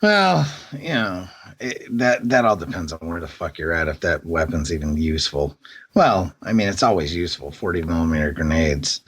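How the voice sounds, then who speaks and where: A man's voice: deep voice, expressive, normal speed, fairly bright tone, breathy edge. A man co-hosting a podcast, chiming in with laid-back, profane asides in casual chat. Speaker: podcast co-host.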